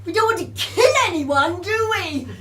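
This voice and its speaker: A woman playing a shrill fussing witch teacher. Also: lively intonation, normal speed. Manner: loud, fussing, exclaiming, mock-scolding. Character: fussy motherly witch teacher, middle-aged woman. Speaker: pantomime performer. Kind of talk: amateur pantomime stage acting. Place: village club hall stage. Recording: echoey hall from far off, loud audience.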